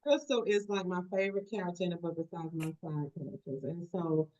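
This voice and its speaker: A woman's voice: lowish voice, brisk, mellow, highs cut off. A woman, a guest author, talking casually in a book club discussion with chatty fillers.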